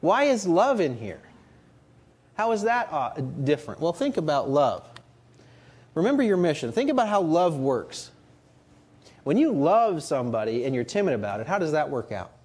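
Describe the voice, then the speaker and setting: Male preacher, husky tone, animated delivery, earnest and emphatic. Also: fairly high pitch, normal speed. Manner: earnest, rising to emphatic rhetorical questions. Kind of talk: sermon.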